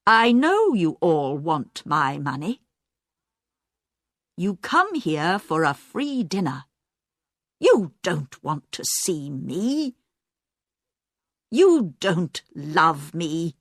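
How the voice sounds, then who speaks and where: A woman reading a storybook part, voicing a stubborn woman of fifty who talks bluntly and slowly. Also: lowish voice, big pitch swings, no room sound, studio quality, exaggerated voice. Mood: resentful. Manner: blunt, complaining, slow and emphatic.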